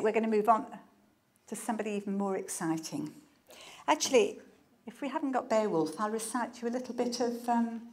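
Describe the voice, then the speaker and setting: A woman's voice: fairly high pitch, creaky, a little mellow. A woman author giving an informal public talk, chatty and enthusiastic, often wandering off on asides.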